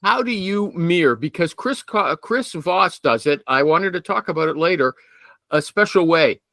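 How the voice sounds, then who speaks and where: A male podcast host with a bright, slightly higher voice, recorded close and dry. He questions his guest in a probing, interrupting way, steering the chat. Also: lively intonation, moderate pace, dry recording.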